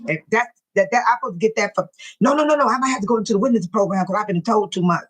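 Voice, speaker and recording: A woman with a husky, slightly breathy voice chats loosely on a live stream. She laughs often, teases her viewers and greets them by name. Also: mid-range voice, racing, poor audio. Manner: laughs often, teasing and excitable. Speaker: livestream host reading viewer comments. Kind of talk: casual live-stream chat.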